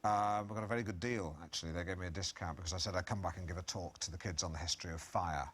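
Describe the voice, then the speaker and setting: A middle-aged man reads from his own memoir to an audience, his voice sitting a little low. His manner is pompous and pleased with himself, delivered completely deadpan. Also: very fast, slight background noise. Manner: pompous, self-satisfied, deadpan. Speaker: author at a book reading. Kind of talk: comic reading from his own book, then Q&A.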